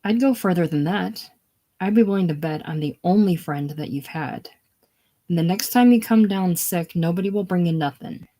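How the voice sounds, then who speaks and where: A reader doing a brash, combative middle-aged woman from a casual play reading, loud and scornful. She mocks and jeers at everyone around her. The pitch sits in a middling range. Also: moderate pace, close to an everyday voice.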